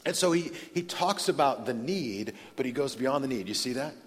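A man preaching a sermon in a large church, telling stories in a conversational way and swinging from loud to hushed. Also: mid-range voice, lively intonation, moderate pace. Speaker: pastor. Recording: long reverb of a large hall.

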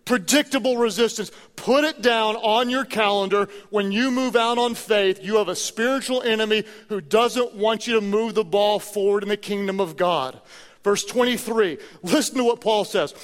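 A man's voice: sits high, normal speed, in a large hall. A male pastor preaching a sermon to his congregation, telling stories with energy and humor. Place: large church auditorium.

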